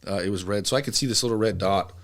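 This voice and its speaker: A young man with a fairly low voice tells stories in a loose, rambling way, swearing freely as he drifts on and off the point. He is a podcast guest in casual conversation, talking easily with the host. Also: racing. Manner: profane, rambling anecdotes. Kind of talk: casual storytelling.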